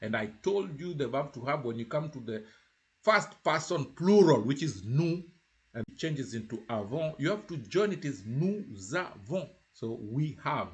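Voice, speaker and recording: A man's voice: medium pitch, expressive, moderate pace. Man teaching a lesson, casual. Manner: casual, repetitive, tag questions like "huh?" and "yeah?". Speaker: French teacher. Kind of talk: language lesson.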